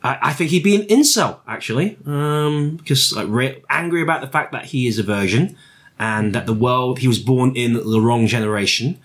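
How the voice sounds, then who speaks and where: A man's voice: mid-range voice, animated, moderate pace, a bit bright. A man co-hosting a comedy podcast, bantering playfully and giggling. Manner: playful, giggly, slips into mock voices. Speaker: podcast co-host.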